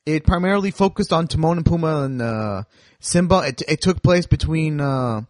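A man's voice: fairly high pitch, expressive, normal speed, a little mellow, no room sound. A man hosting a podcast in casual chat, explaining things in an opinionated way with frequent restarts. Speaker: podcast host.

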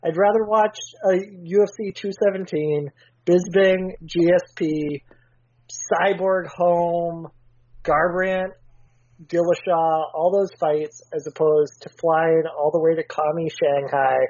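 A man's voice: fairly high pitch, fairly even intonation, slow, darkish tone, no room sound, highs cut off. A man in casual podcast chat, challenging his co-host with dry, probing questions.

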